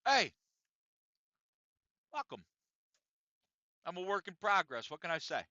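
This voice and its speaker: A man's voice: high voice, very animated, slow pace, bright, forceful tone, no room sound. A man hosting his own podcast, talking bluntly and confessionally with a lot of profanity. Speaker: podcast host. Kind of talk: casual monologue podcast. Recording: dry, dull lo-fi sound.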